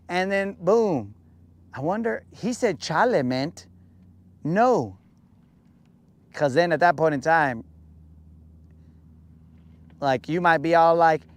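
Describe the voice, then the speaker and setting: A man hosting a casual fishing podcast, talking in a lively, slangy way and acting out the voices he quotes. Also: a little high, moderate pace, pauses often. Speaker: podcast host. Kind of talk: casual chat. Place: boat on a lake.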